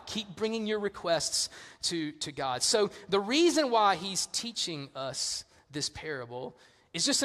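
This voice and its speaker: A man preaching a sermon as a pastor, conversational and animated in his storytelling. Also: high voice, in a large hall.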